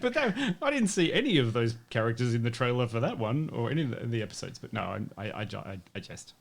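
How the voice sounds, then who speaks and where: A man's voice: medium pitch, sing-song, fast, vocal fry. Rambling, swearing podcast co-host man. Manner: rambling, self-mocking, swears freely. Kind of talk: casual chat. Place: home setup, live streamed.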